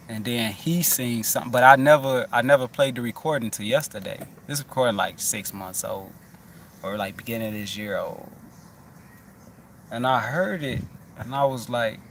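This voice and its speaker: A man talks to his listeners in a loose, rambling way, swearing freely and doubling back on his words. His pitch sits in the everyday middle range. Faint noise hangs in the background. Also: normal speed, a bit bright. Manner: rambling, loose and profane, with many restarts. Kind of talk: casual chat.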